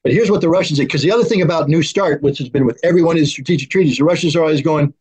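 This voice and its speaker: A man with a slightly high, mellow, somewhat rough voice races along with hardly a pause, and the top end of the sound is cut off. Speaking as an arms control expert in an animated political discussion, he argues heatedly and acts out both sides of quoted exchanges between negotiators.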